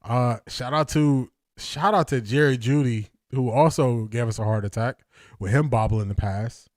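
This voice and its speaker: Breathless, laughing fan streaming a watch party. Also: male voice, medium pitch, moderate pace, no room sound, studio quality. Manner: excitable, laughing, addresses viewers as y'all. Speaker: live stream host. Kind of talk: live watch-party commentary.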